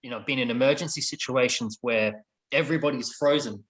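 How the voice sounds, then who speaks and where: A man's voice: mid-range voice, fairly quick, fairly bright tone, low-quality recording. A man speaking as an interview guest, earnest and reflective, swearing casually while he tells a story. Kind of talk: candid storytelling conversation.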